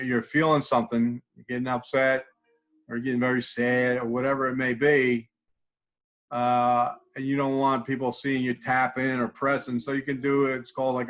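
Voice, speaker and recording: A man's voice: mid-range voice, fairly bright tone. Man demonstrating a technique to a class. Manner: instructive, repeats phrases while demonstrating. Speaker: instructor.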